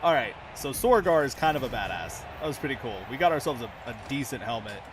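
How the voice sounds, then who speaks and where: A man's voice: mid-range voice, very animated, brisk, noisy background. A man giving casual, chatty commentary over his own gameplay, swearing freely and laughing often as he talks to his viewers. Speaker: gaming channel host.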